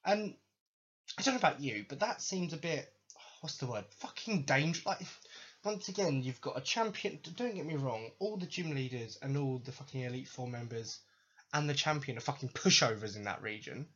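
A man's voice: mid-range voice, animated, brisk, fairly bright tone, highs cut off. A young man hosting a podcast, ranting in exasperated, sarcastic, sweary commentary. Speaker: podcast host.

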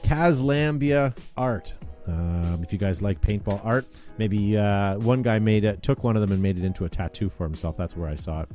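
A man's voice: on the low side, expressive, moderate pace, warm tone, soft background music. A man hosting a casual chat show, talking in an upbeat, rambling way with plenty of fillers. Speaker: podcast host.

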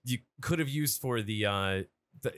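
A man's voice: medium pitch, animated, fairly bright tone, no room sound. Rambling man with an Erie accent. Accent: Erie, Pennsylvania. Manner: rambling, halting, with fillers and restarts. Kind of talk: casual chat.

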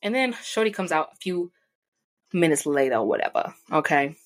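Low-voiced young woman telling a storytime. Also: normal speed. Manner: animated, profane, acts out quoted people. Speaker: vlogger. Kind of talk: casual storytime. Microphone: desk mic.

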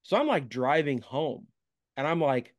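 A man hosting a casual podcast interview, telling stories in a relaxed, self-deprecating way. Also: a little high, unhurried. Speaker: podcast host.

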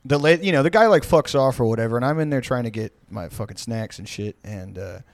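A man's voice: medium pitch, lively intonation, brisk, gravelly, no room sound. A man telling a story on a podcast, rambling and profane with many fillers. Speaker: podcast co-host. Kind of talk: casual storytelling.

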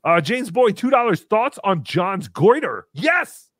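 A man in his thirties hosting a livestream, reading donations and joking around in a casual, animated way. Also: sits high, unhurried, dry recording, studio quality. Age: 30s. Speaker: livestream host.

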